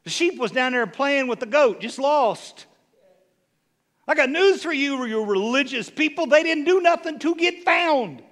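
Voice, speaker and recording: Middle-aged bishop, male; very high, lively voice; snarky, teasing sermon delivery. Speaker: bishop preaching.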